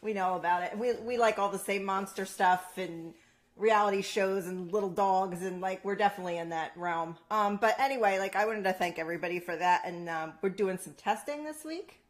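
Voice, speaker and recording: A woman's voice: medium pitch, a little fast. A woman co-hosting a casual chat show, teasing her partner and telling stories playfully. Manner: playful teasing, animated storytelling with laughs. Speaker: co-host.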